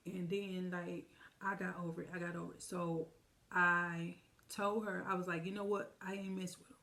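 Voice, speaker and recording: Gravelly-voiced woman telling a story. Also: lowish voice, little pitch movement, moderate pace, pushed and bright. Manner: chatty, addresses viewers directly; vivid retelling with quoted dialogue. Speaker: storytime vlogger. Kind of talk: casual storytime vlog.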